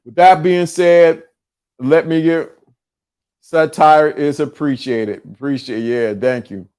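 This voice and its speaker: Man, livestream host, casual commentary, slang-heavy, laughing often, slightly higher-pitched voice. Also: slow, smooth. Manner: animated, laughing, streetwise slang.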